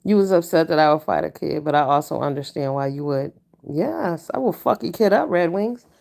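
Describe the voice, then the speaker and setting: A woman's voice: fairly quick, creaky. A woman hosting a casual livestream chat, blunt and stern, talking back to her viewers. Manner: blunt, profane and stern, with animated pitch jumps. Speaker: livestream host.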